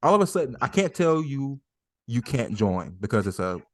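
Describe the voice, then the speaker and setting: A man's voice: mid-range voice, sing-song, moderate pace. A man co-hosting a podcast, telling a story in casual chat, swearing freely and acting out quotes. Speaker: podcast co-host.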